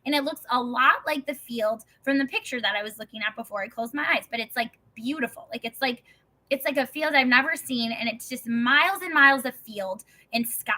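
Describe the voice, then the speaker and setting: A woman's voice: fairly high pitch, fairly quick, sharp tone, rough recording. A young woman in casual storytelling, rambling with lots of "like" and some swearing. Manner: rambling, heavy use of "like", swearing.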